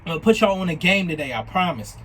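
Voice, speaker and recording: Talking quickly in a high voice, a young New Jersey man casually retells scam attempts, cursing openly and playing out the messages he got with quoted lines. The vlog's low-quality audio has slight background noise.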